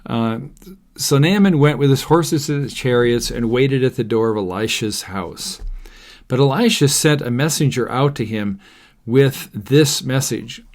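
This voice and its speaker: A man's voice: medium pitch, unhurried, darkish tone. Guy reading a bible story aloud, laid back, chatting on the side as he goes. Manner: casual, conversational, chatty asides. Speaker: Bible teacher.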